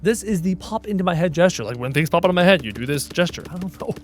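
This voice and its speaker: A man with a high voice chats his way through a survival game, cracking puns and laughing at them. His pitch leaps all over the place as he talks, and soft music plays underneath. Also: lively intonation, fast talker, hardly any pauses. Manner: playful, chatty, full of puns; laughs at his own jokes. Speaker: gaming video host. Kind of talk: casual let's-play commentary.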